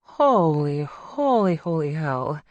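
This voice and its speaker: Brief: narrator doing a breathy young woman, soft and slow, dry close sound. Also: mid-range voice, sing-song, no echo. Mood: breathless.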